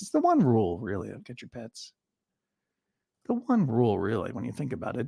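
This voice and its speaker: A man's voice: mid-range voice, wildly swooping pitch, fairly quick, vocal fry, pauses often, dark tone, breathy edge, dry recording, clean studio sound. A man hosting a casual online talk show, playful and rambling, with absurd asides. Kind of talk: casual video chat.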